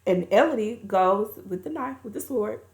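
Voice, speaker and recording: A woman's voice: mid-range voice, lively intonation, normal speed. A woman reviewing a movie, recapping the plot in a chatty, colloquial storytelling way.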